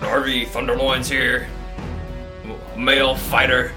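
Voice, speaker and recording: A man doing a gruff dwarf fighter. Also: mid-range voice, flat delivery, takes it slowly, recorded from a distance, over music, natural voice.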